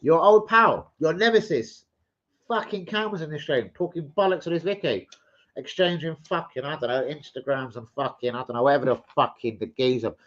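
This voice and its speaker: A man hosting a casual live stream, swearing freely, rambling and giving loud shout-outs to chat. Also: on the high side, brisk. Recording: slightly muffled stream audio.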